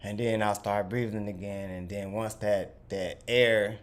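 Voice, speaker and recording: A man telling a story in casual chat, animated, swearing and loudly acting out what others said. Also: lowish voice, a little slow. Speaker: vlogger.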